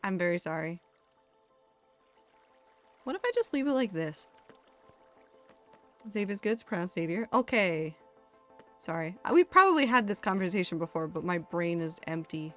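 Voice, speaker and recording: A woman's voice: on the low side, big pitch swings, normal speed, pauses often, a bit bright. A young woman streamer chatting candidly while she plays, swearing casually and reading chat messages aloud. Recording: faint music behind.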